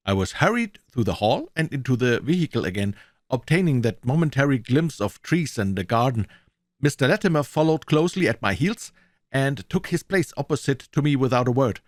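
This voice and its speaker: German man narrating, lively expressive delivery. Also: mid-range voice, brisk, no echo, studio quality. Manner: expressive first-person narration with small slips. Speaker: audiobook reader. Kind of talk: reading a classic detective story aloud.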